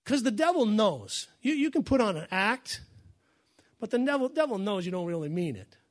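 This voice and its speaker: A man preaching a sermon as pastor, fiery and emphatic, shouting and repeating his phrases in a church. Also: high voice, sing-song, normal speed.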